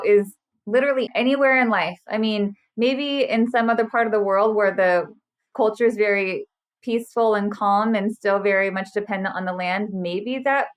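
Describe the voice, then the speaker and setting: A woman in her thirties, a burnout specialist, talking earnestly and animatedly as a podcast guest. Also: mid-range voice. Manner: earnest, animated, acts out quotes. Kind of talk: casual interview chat.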